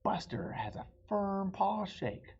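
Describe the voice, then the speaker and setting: Man putting on a cheerful literal-minded young girl, high squeaky storybook voice, husky, lively swoops. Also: slow pace, lo-fi sound, heavily acted. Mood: earnest. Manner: bright, earnest, high squeaky delivery.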